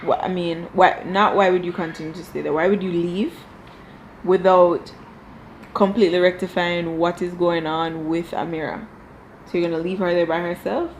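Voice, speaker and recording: A woman's voice: fairly low pitch, level tone, moderate pace, slight background noise, rough recording. Exasperated woman vlogger. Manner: exasperated, rhetorical questions. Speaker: reality TV reviewer. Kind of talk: casual reaction review. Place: home room.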